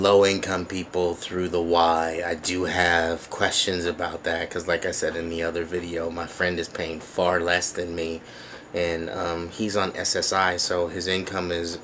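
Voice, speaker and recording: Deep-voiced, gushing male vlogger. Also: fairly bright tone, slight background noise. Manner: gushing, grateful, chatty with many fillers. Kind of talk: casual thank-you vlog. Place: at home, sitting.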